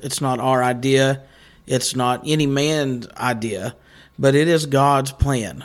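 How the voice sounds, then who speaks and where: A man, a guest on a faith show, explaining doctrine in a measured, halting way. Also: medium pitch, a bit bright.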